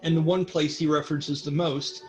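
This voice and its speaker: A man narrating a tabletop game as game master in a relaxed, rambling way, with many fillers. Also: on the high side, normal speed, faint music behind.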